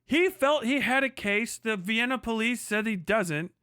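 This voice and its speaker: A man's voice: very high voice, expressive, a little slow, bright, forceful tone, clear, resonant tone, no room sound, studio quality. A man ranting on a live stream, reacting to a video with profane, mocking commentary.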